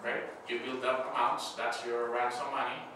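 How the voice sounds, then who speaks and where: A man delivers a casual, conversational Bible school lecture in a mid-range, monotone voice at a moderate pace, often checking in with "right?" and acting out scenarios. The church classroom is echoey, the mic is far away, and background noise comes through.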